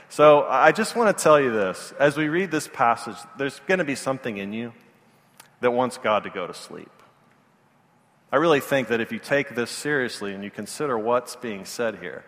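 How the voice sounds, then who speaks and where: A man's voice: medium pitch, expressive, moderate pace, fairly bright tone. Male pastor, mid-range voice, earnest storyteller, long hall echo. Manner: storytelling, self-deprecating and earnest. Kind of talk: sermon.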